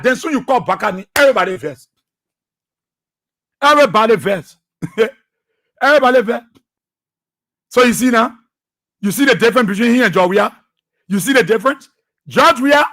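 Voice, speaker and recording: A man's voice: extremely high pitch, a bit bright. A man with a Liberian English accent hosting a political radio talk show, laughing often and mocking his rivals, repeating phrases for effect.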